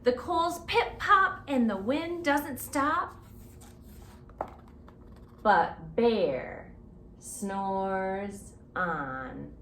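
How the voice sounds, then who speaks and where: A woman's voice: mid-range voice, animated, very slow, long pauses, fairly bright tone, echoey room, slight background noise. A woman librarian reading a picture book aloud at children's story time, stopping often to ask the children questions. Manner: interactive, asks children questions.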